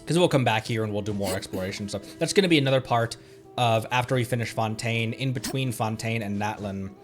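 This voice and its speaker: A man's voice: lowish voice, fast talker, faint music behind. A man streaming a video game live, rambling casually and laughing at his own slips. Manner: chatty, rambling, laughs often at himself.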